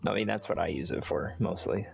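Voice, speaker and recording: A man's voice: low voice, a little fast, vocal fry, muffled recording, faint music behind. A man playing a tabletop game, chatting casually and swearing. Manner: loose and swearing. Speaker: player.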